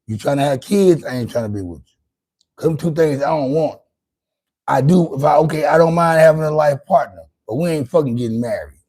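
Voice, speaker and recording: In a brisk, darkish voice on the high side, a man runs his own livestream, rambling casually to his chat. He's loose and profane, restarting his sentences often.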